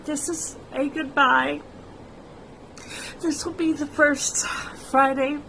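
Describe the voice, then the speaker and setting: Slow, soft-spoken middle-aged woman vlogger. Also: high-pitched, slight background noise, rough recording. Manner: slow, soft-spoken and personal, speaking straight to viewers. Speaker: vlog host. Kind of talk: heartfelt personal vlog talk.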